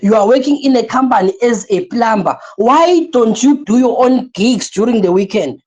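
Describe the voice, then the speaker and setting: Energetic husky woman giving a motivational class. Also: fairly high pitch, normal speed, lo-fi sound. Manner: energetic, repeats phrases, asks rhetorical questions. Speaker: online class teacher.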